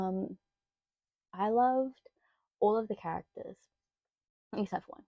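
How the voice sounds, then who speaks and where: Gravelly Australian woman chatting about books. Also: medium pitch, no room sound, dull audio. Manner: chatty, rambling, quick to rant. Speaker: book vlogger. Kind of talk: casual book review chat.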